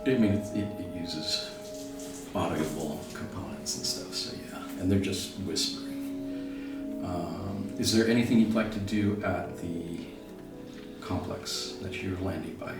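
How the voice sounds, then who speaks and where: A man narrates a tabletop game as game master, his voice deep and gravelly. He talks in a soft, hesitant way, full of fillers. He sits away from the mic in an echoey room with music playing behind. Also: steady tone, unhurried, recorded from a distance. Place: living room at home.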